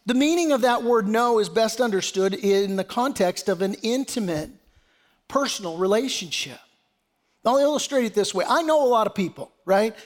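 A man's voice: high-pitched, expressive, moderate pace. A middle-aged man preaching a sermon as pastor, in a conversational way with many restarts and asides.

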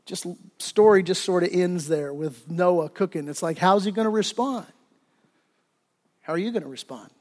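Male pastor, high voice, casual storytelling sermon, reverberant church hall. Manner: conversational, retells scripture with casual asides. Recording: long reverb of a large hall.

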